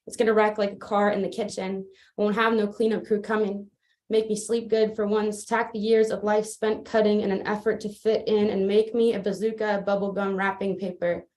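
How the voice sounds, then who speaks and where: A woman reciting a spoken word poem in a flat, level voice that barely rises or falls. She joins the open mic remotely over a video call and keeps her delivery steady from line to line. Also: mid-range voice, normal speed. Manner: steady, even recitation with little rise and fall. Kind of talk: spoken word poetry performance. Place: remote, joining from afar.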